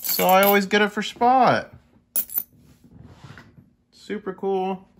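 A man's voice: high voice, steady tone, slow, fairly bright tone, a little hiss or hum. Chatty man marveling over coins. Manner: chatty, easily amazed, talks to viewers directly. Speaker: coin collecting vlogger. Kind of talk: casual unboxing chat to viewers.

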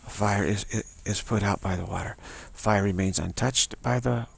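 A man in the role of a spiritual teacher gives a meditative dharma talk. His low voice is heavily gravelly with a husky grain. He talks slowly and repetitively, restarting phrases and returning to a chanted "wow.".

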